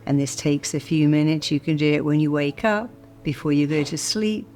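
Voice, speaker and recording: A woman hypnotherapist giving a motivational talk, guiding the listener through spoken affirmations and slowing down to stress key phrases. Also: low voice, a little mellow. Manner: emphatic, slows to stress key phrases and repeats them. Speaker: hypnotherapist and speaker.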